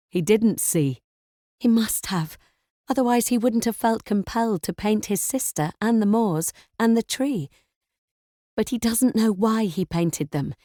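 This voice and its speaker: A woman narrating a thriller audiobook in first person, tense and measured. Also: a little high, warm tone, no room sound, clean studio sound.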